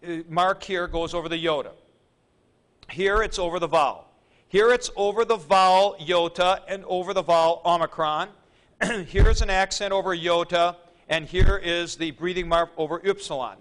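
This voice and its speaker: Slow, bright-voiced male Greek teacher. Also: sits high. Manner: deliberate, dry joking asides. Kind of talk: classroom lecture.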